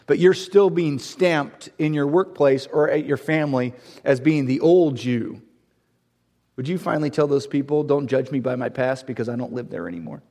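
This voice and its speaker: A man preaching a sermon to a congregation, building to loud, emphatic, repeated lines. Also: fairly high pitch. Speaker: pastor.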